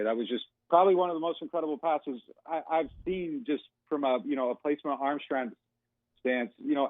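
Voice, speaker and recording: A man on a thin, tinny phone line breaks down football practice as a guest reporter. He rambles a bit and leans on "you know" and "like" as he thinks aloud. His voice sits at an ordinary pitch, and the call sounds dry, with no room around it. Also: no room sound. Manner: talkative, rambling with many fillers. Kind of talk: casual phone-in analysis.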